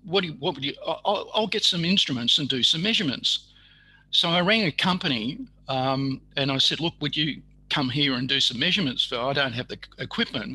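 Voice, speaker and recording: An older man, telling a story in an interview, halting with many fillers and restarts. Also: on the high side, sharp tone, breathy edge, rough recording.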